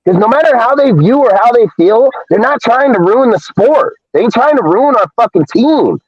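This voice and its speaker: A man's voice: extremely high pitch, expressive, normal speed, darkish tone, husky, no room sound. A man hosting a live show, ranting in a heated, profane, confrontational way. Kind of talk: live-stream rant. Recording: dull lo-fi dry stream audio.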